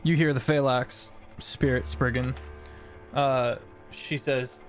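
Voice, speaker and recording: A man's voice: medium pitch, fairly even intonation, takes it slowly, soft background music. A man running a tabletop game as game master, narrating with many fillers, restarts and laughs.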